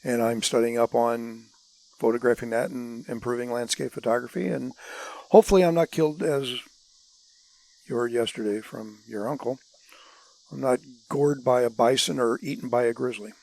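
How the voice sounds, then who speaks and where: A man as a guest in a casual podcast chat, blunt and animated, a self-described curmudgeon. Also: mid-range voice, moderate pace, gravelly, poor audio.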